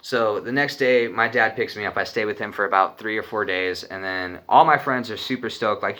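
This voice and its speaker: A man's voice: lowish voice, a little fast, hardly any pauses, pushed and bright. A young man from Arizona telling a personal story in a rambling, profane, casual way. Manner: profane, rambling, laughs when nervous.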